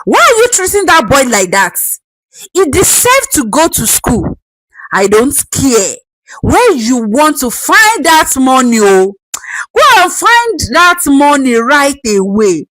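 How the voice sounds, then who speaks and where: A woman voicing a fierce older grandmother who scolds loudly. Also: high voice, very animated, slow, dry recording, exaggerated voice, low-quality recording. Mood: scolding. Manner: scolding, shouting, emphatic.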